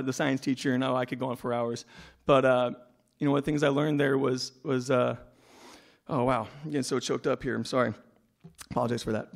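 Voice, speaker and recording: A man speaks quickly at a school breakfast, in a gravelly voice. He rambles in a conversational way and keeps reaching for homespun comparisons. His pitch is middling. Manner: rambling and conversational, full of "you know" and homespun analogies. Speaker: alumnus giving a speech. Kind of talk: informal speech at a breakfast event.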